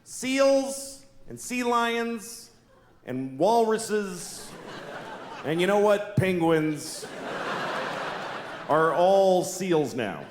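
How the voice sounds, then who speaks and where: A man voicing a pompous male scientist slowly proclaiming an announcement, in a stand-up bit. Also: high-pitched, big pitch swings, reverberant, noisy background, full character voice. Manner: slow, proclamatory.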